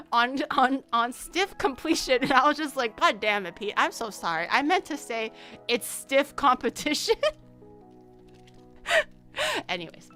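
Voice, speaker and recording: Young woman streamer, bright and slightly high voice, loose self-mocking chat, faint music underneath. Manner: rambling, self-mocking, laughs often. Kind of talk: casual chat to viewers.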